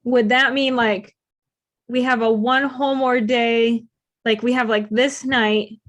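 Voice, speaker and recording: A woman's voice: a little high, fairly even intonation, takes it slowly, fairly bright tone. A woman playing a tabletop game, asking hesitant, rambling questions about the plan.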